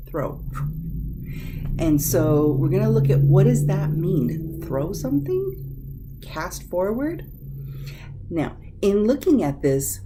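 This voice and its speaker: A woman teaching a vocabulary lesson, sounding out words slowly and carefully. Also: deep voice, dark tone, slight background noise. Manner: slow, careful over-enunciation of words.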